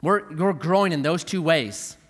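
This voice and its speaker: A fairly high-pitched middle-aged man preaches at a moderate pace, acting out the voices of people in his stories. The pastor's animated storytelling rings with the long reverb of a large hall.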